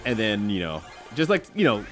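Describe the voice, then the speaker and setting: A man on a live stream chats loosely as he plays, wandering from thought to thought and stopping to fix his own sentences. His voice sits fairly low but swings around a lot in pitch. Game music plays faintly behind him. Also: sing-song, normal speed, fairly bright tone. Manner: rambling, chatty, self-correcting. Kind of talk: casual live-stream chat while gaming.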